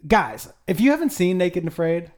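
Male stand-up type, podcast co-host; very expressive, up-and-down delivery, profane and excitable. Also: high voice, a little fast. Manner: profane, excitable, laughs often. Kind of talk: casual podcast chat.

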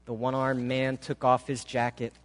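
A man preaching a sermon, telling a story in a slow, dramatic, emotive way. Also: mid-range voice, monotone. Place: church sanctuary. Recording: long hall reverb.

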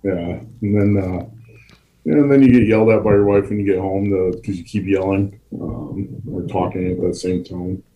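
Deep, mellow-voiced man coach chatting. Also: fairly even intonation, slight background noise, poor audio. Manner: halting, repeats words and restarts. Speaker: college offensive line coach, podcast guest. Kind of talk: casual podcast chat.

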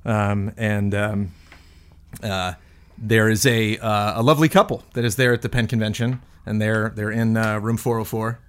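A man improvising a story in a tabletop role-play game, halting with fillers and amused. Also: lowish voice, steady tone, clear, resonant tone.

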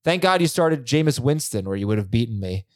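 A man hosting a podcast who has young kids, talking in easygoing, teasing casual banter with quick asides. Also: mid-range voice, animated, no room sound, clean studio sound. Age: adult, parent. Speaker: podcast host.

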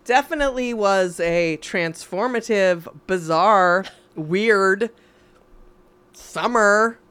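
A middle-aged woman co-hosting a podcast in casual chat, reflective and encouraging with quick supportive replies. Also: medium pitch, a bit bright, clear, resonant tone. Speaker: podcast co-host.

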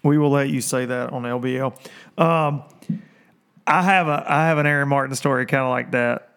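A man's voice: mid-range voice, normal speed, clean tone. A man hosting a casual fishing talk show, telling stories with lots of laughter and putting on voices for the people he quotes. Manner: animated storyteller, laughs often, quotes others in voices. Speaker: podcast host. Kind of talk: casual storytelling chat.

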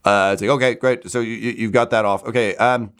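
Male game master, lowish voice, rambling narration full of fillers. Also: steady tone, brisk, a bit bright, smooth.

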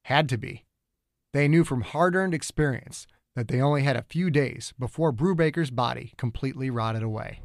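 A man reads a thriller audiobook in a steady, measured way. His voice sits in a middle range and the recording is dry and close, with no room sound. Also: medium pitch, no room sound. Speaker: author and narrator. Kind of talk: scripted audiobook narration.

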